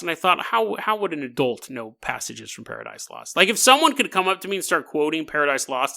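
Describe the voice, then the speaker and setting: A male podcast host telling a story with sarcastic jokes and frequent laughter. His voice sits high and has a very bright, sharp edge. The tone is casual and mocking. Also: sing-song, fast talker, creaky, hardly any pauses. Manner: sarcastic, joking, laughs often.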